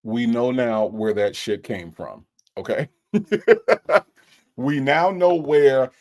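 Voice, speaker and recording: A man's voice: medium pitch, takes it slowly, darkish tone. A man hosts a live stream in casual commentary, reading chat comments aloud, repeating himself and stammering in disbelief. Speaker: live stream host reacting to a phone call.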